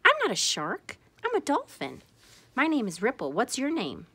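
A cheerful young dolphin girl from a storybook, as a woman reader puts her on. She speaks in a raised, bubbly voice that sounds bright and eager. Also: wildly swooping pitch, moderate pace, slightly rough, exaggerated voice. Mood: friendly. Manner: high, bubbly and encouraging.

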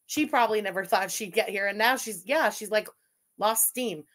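A woman's voice: mid-range voice, normal speed, fairly bright tone. A woman streamer giving crude, mocking live reaction commentary, thanking super chats and often laughing.

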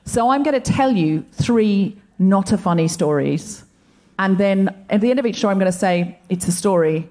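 A female co-host comedian shares reflective stories in an earnest way as part of a stand-up set, performing on stage to a live audience. She speaks in a mid-range, dark-toned voice with lively intonation and a moderate pace.

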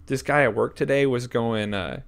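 A young man co-hosting a gaming podcast in casual, animated chat, swearing freely and acting out the people he quotes. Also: mid-range voice, normal speed, vocal fry, clear, resonant tone. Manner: animated, swears a lot, acts out quoted voices. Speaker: podcast co-host.

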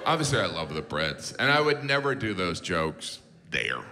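A man's voice: low voice, very animated, normal speed. Wry man doing stand-up. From United States. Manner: wry, incredulous, mock-outraged delivery. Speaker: stand-up comedian. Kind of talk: stand-up comedy. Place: stage before a laughing audience. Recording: live show with audience noise.

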